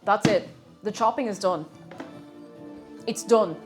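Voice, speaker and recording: A woman's voice: mid-range voice, slow pace, over music. A woman chatting casually and playfully with her viewers while cooking in her home kitchen on a livestream. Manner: playful rambling banter with chat. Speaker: streamer. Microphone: streaming mic.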